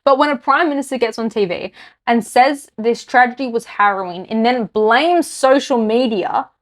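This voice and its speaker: A woman's voice: sits high, expressive, normal speed. Heated Australian woman ranting. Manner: heated, exasperated, speaks her mind bluntly. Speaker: podcast host. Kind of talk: political rant to camera.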